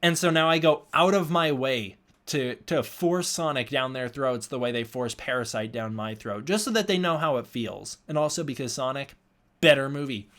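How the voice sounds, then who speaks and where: A man's voice: mid-range voice, normal speed, a bit bright. A young man hosting a casual livestream, rambling as he reads and answers chat, sounding tired. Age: young adult. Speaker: livestream host.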